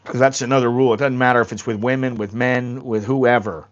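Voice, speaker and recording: A man's voice: medium pitch, steady tone, a little fast, muffled recording. A man hosting a casual livestream, telling rambling, blunt stories and swearing freely. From United States. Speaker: livestream host.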